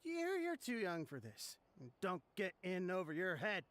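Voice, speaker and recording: A curt young game character, his voice pitched high and gravelly with fry. He speaks in warning tones, with a wide, lively melody. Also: moderate pace, heavily acted. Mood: stern.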